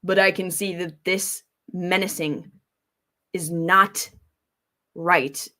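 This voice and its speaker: A woman hosting casual reaction commentary, talking bluntly in a rambling way and swearing freely as she pauses a clip to weigh in. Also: lowish voice, steady tone, bright, forceful tone. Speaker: commentary host.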